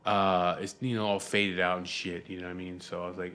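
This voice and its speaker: A middle-aged man talks straight to camera in an unhurried, rambling way. His voice sits very low. He swears casually and keeps checking in with his listener. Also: level tone, pushed and bright. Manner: profane, rambling, frequent "you know what I mean". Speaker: vlogger.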